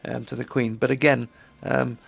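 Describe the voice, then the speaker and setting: Guy hosting a food radio show, kinda gravelly, lots of ums. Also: mid-range voice, level tone. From England. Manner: halting, many ums and restarts. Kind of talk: rambling casual radio chat.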